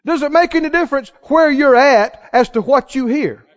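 A man preaching a sermon dramatically, asking the congregation questions and swinging between loud exclaims and hushed lines. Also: very high voice, normal speed. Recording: dull lo-fi sound.

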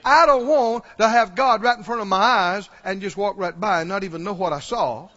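A man's voice: sits high, fairly quick, pushed and bright. A man preaching a sermon, urgently pressing his congregation with questions. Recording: dull recording, long hall reverb.

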